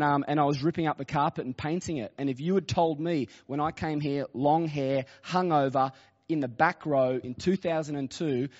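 A man's voice: a little high, darkish tone. A man, a senior pastor telling stories in a sermon and quoting himself and others in a chatty way. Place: church auditorium. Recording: dull reverberant church hall recording.

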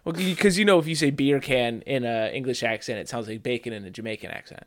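In casual chat, a podcast co-host tells a food story with dry, joking asides. His voice is medium in pitch and fast.

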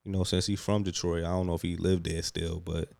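A man's voice: sits low, level tone, a little fast, gravelly, darkish tone, dry recording, clean studio sound. A man co-hosting a casual podcast, laid-back and teasing, rambling as he introduces songs. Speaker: podcast co-host.

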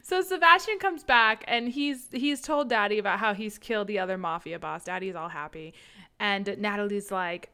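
A woman's voice: medium pitch, normal speed, bright, forceful tone, clear, resonant tone. A woman co-hosting a podcast, recapping a book in a crude, playful, laughing casual chat. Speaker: podcast co-host.

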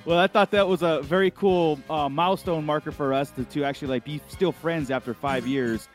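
A man's voice: a little high, a little fast, faint music behind. A man hosting a live podcast in casual chat, rambling loosely and laughing often. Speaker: podcast co-host.

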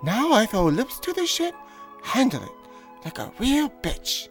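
A man's voice: extremely high pitch, wildly swooping pitch, a little slow, faint music behind, voice pushed up, full character voice. A man doing a prim older lady TV interviewer. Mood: mock solemn.

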